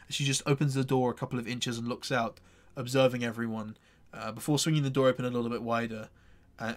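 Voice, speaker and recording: A man narrating a tabletop role-playing game as game master, hesitant and full of restarts. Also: medium pitch.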